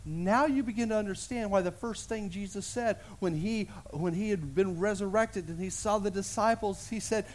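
In a church sanctuary, a male pastor with a high-pitched voice preaches a sermon at a moderate pace, barely pausing. He's an animated storyteller, acting out the voices of a parable as he tells it.

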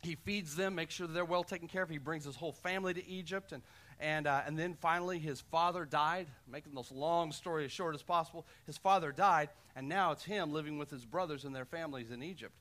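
A male pastor delivering a sermon with a high, ringing voice. He preaches with passion, punching key lines loudly and then dropping to soft, intimate asides. His tone stays bright and forceful throughout. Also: a little fast. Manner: impassioned preaching, swinging between loud emphasis and quiet asides.

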